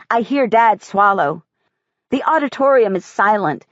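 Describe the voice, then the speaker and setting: A woman reading a first-person audiobook in a measured, quiet way. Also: mid-range voice, dry recording, muffled recording. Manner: measured, quiet child's-eye telling. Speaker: audiobook narrator.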